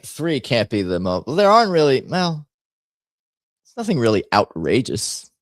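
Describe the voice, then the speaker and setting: A man's voice: on the low side, dry recording, clean studio sound. A man hosting a live stream, chatting casually in a rambling, jokey way that keeps breaking off mid-sentence. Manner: rambling, self-interrupting, jokey. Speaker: streamer host.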